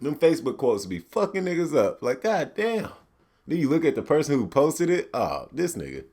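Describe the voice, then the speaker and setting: A man hosting a podcast, ranting casually in a profane, animated way and slipping into mock quotes. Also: fairly high pitch, moderate pace. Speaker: podcast host. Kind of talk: solo ranting commentary.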